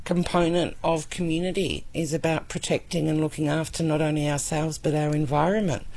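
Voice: medium pitch, flat delivery, fairly quick, darkish tone. A market organiser speaking earnestly in a radio interview, with many hesitations.

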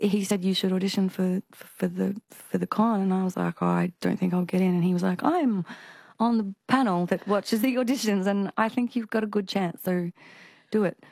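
Low-voiced woman with a stutter. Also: steady tone, gravelly, a little mellow, dry recording, clean studio sound. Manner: halting speech with repeated restarts and a stutter. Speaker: singer and performer, interview guest. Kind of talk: casual interview conversation.

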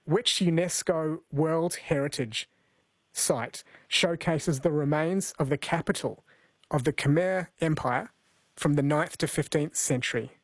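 A chatty radio host, a man from New Zealand, talks with a fairly high voice while he fields calls and reads messages aloud. The studio sound is close and dry, with no room around him. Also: measured pace, no echo. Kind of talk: casual live radio chat.

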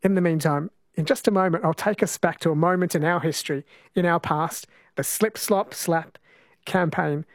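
Higher-voiced male radio host. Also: moderate pace, no echo, clean studio sound. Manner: relaxed, thinking aloud. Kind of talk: casual radio talk.

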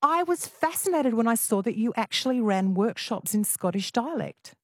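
A woman's voice: fairly high pitch, lively intonation, normal speed, no room sound. A woman hosting a radio phone-in show, chatting in a playful, teasing way. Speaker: radio talk show host.

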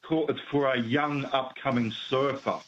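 A man's voice: medium pitch, fairly even intonation, moderate pace, a loud crowd. Australian male caller on a dull line. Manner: hesitant, rambling. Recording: dull phone-line call.

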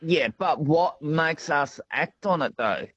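A man's voice: fairly high pitch, expressive, slow pace, a bit bright, slightly rough, no echo. A man calling in to a radio show by phone, friendly and a bit hesitant. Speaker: caller. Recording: dull phone line.

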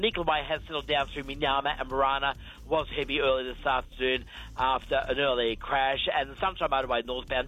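Bright-voiced Australian man traffic reporter. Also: on the high side, poor audio. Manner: steady rundown with hesitant fillers. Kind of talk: traffic report and casual chat.

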